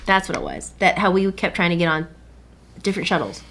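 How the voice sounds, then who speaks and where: Bright-voiced woman telling a story. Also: on the low side, fairly quick, slight background noise. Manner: animated retelling, acting out other people's lines. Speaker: podcast host. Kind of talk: casual storytelling chat.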